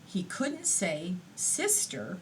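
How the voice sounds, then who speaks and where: A woman giving a recorded lecture in an unhurried, explanatory way, pausing on fillers now and then. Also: lowish voice, wildly swooping pitch, slight background noise, low-quality recording.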